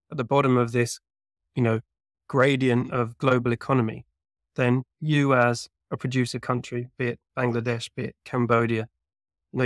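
A man's voice: mid-range voice, no room sound, studio quality. A man being interviewed as a researcher, explaining at length in a thoughtful, conversational way with lots of small hedges. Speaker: guest researcher.

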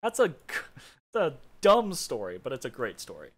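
A man's voice: medium pitch, wildly swooping pitch, normal speed. A man hosting a casual game playthrough, reading an in-game story aloud with amused asides and laughter. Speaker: let's play host.

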